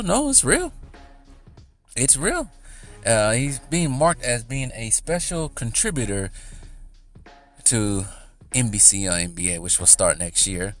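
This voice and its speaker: A man rambling casually in a commentary vlog, chatty and often laughing. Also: lowish voice. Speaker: YouTuber.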